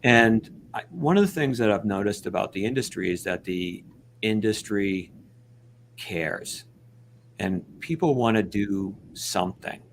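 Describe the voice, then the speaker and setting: A man's voice: lowish voice, animated, measured pace, gravelly, slight background noise. A man speaking earnestly and reflectively as a guest on a panel discussion, often restarting his sentences.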